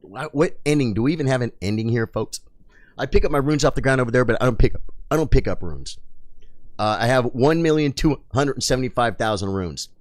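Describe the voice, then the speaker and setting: Man, game streamer, lively swooping pitch, dry close mic, excitable chat with viewers. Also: brisk, dry recording. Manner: excitable, swears mildly, talks to chat. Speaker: gaming streamer.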